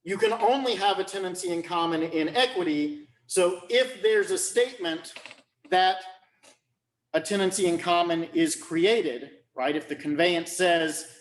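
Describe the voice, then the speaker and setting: Slow, measured male law lecturer. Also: high-pitched, roomy sound. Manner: checks understanding often, repeats phrases.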